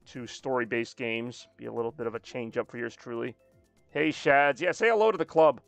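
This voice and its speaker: Male streamer, mid-pitched, jokey and self-deprecating, chats while racing, faint game music underneath. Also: unhurried, gravelly, pauses often, no echo. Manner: self-deprecating, joking, rambling. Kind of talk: casual live-stream chat while playing.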